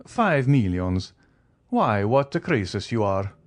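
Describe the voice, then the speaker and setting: A man voicing a wealthy, coolly ironic middle-aged count who talks in a teasing, measured way. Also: lowish voice, big pitch swings. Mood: amused. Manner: teasing, measured, faintly mocking.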